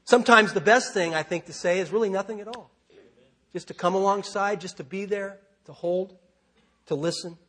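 Husky high-voiced male preacher. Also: normal speed, sharp tone. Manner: conversational preaching with rhetorical questions. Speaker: pastor. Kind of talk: sermon.

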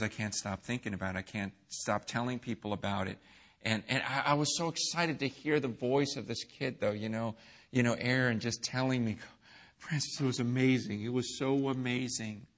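A middle-aged man preaching a sermon, telling a story with acted-out quotes that swing from hushed to shouting. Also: fairly low pitch. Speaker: pastor.

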